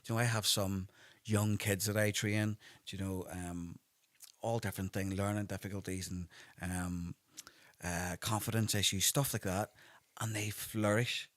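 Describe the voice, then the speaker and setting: A man's voice: lowish voice, level tone, moderate pace, a bit bright, dry recording. A man, a personal trainer chatting as a podcast guest and often tagging "do you know" onto what he says. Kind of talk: casual podcast chat.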